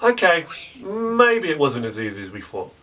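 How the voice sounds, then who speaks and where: A man's voice: on the high side, huge pitch swings, normal speed, fairly bright tone, distant mic, slight background noise. A man co-hosting a casual film review in a playful manner.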